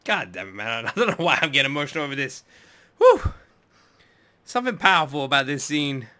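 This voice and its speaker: A man hosting an anime reaction, chatting casually, excitable and swearing now and then. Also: mid-range voice, brisk, soft background music.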